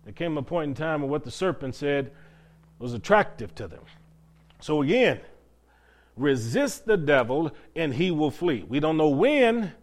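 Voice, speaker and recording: A man's voice: a little high, very animated, a little slow. A man preaching a sermon as pastor, asking rhetorical questions and stretching out key phrases for emphasis.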